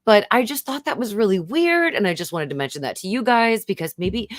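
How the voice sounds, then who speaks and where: A woman hosting a casual episode recap for her viewers, chatty and animated. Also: medium pitch, a little fast, no echo, clean studio sound. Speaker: YouTube host recapping a TV episode.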